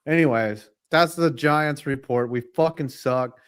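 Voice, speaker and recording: A man's voice: mid-range voice, a little slow, a bit bright, clear, resonant tone. A man co-hosting a casual sports podcast, blunt and jokey, with frequent swearing. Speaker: co-host.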